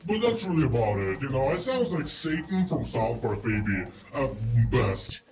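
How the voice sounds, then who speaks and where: A man's voice: mid-range voice, big pitch swings, normal speed, a little mellow, pitched below the performer's own voice. A man using a voice changer demon filter to play a growling male orc demon, straining his voice into a growl.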